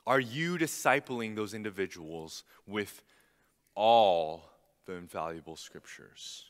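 A man's voice: lowish voice, takes it slowly, in a large hall. A young man preaching a sermon in an earnest, emphatic way, repeating key phrases to drive them home.

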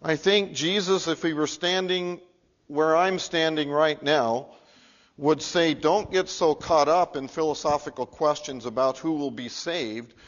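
A man preaching a Sunday sermon, his fairly high voice coming through a muffled, lo-fi recording. He talks earnestly and swings between emphatic, raised points and low, hushed appeals to the congregation. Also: unhurried. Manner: earnest, building to emphatic peaks then dropping low and quiet. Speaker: pastor. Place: church sanctuary.

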